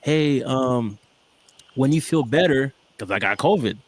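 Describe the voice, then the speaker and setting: A man co-hosting a podcast, telling a story in relaxed, rambling casual chat. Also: mid-range voice, measured pace, noisy background. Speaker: podcast co-host.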